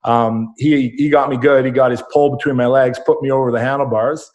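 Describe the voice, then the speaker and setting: A man in a casual podcast chat, spinning a long anecdote in a plain, mid-pitched voice. He rambles and restarts, dotting his talk with ums, like a former athlete recounting an old mishap. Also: steady tone, brisk, darkish tone. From Canada. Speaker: guest, former rugby player. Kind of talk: casual storytelling.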